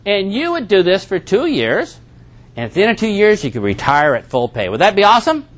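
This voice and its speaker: A man speaking to a live seminar audience, telling a story and acting out the bits of dialogue himself. His voice sits a little high for a man. His pitch swings widely, so it sounds animated and expressive. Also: a little fast. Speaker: network marketing trainer.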